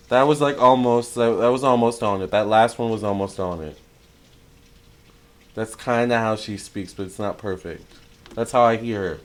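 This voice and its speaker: A young man gives a casual spiritual tarot reading to his online audience, talking loosely and chattily with many fillers, restarts and self-corrections. His voice is a little low, and he becomes excitable as he goes.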